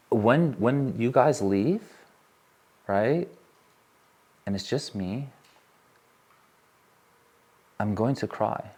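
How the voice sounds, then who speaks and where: A man giving an earnest, emotional talk to a live audience from a stage, repeating phrases as he builds intensity and then softens. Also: on the low side, lively intonation, slow pace. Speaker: workshop speaker.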